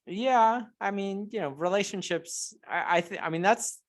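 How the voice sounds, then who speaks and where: A man as a guest in a casual chat, talking earnestly and reflectively with halting restarts. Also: high voice. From United States.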